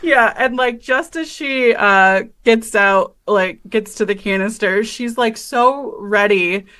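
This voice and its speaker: A woman's voice: on the high side, slow, fairly bright tone. A woman playing in a tabletop game, chatting casually, giggly and full of fillers. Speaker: player. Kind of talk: casual chat.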